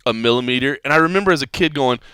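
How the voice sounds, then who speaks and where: A man's voice: medium pitch, rapid-fire, bright, forceful tone, smooth, dry recording. A man hosting a podcast, chatting casually in a rambling way and laughing often. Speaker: podcast host. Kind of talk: casual chat.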